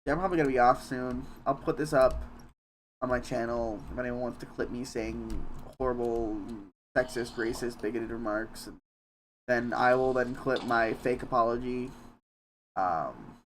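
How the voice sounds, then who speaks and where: A young man streaming a game from home, chatting casually in a rambling, halting, self-deprecating way with some swearing. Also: medium pitch, slight background noise. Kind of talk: casual live-stream chat while gaming.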